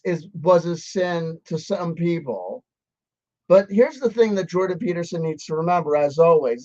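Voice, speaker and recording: A man's voice: a little high, darkish tone, no room sound. A man giving a sarcastic, profane, heated rant in reaction to a video. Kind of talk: ranting video commentary. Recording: dull, dry sound.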